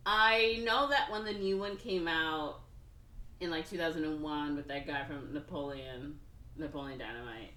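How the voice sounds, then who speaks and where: A woman's voice: sits low, moderate pace, pushed and bright, echoey room. A woman with a Chicago accent hosting a podcast in casual chat, rambling and laughing often. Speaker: podcast host.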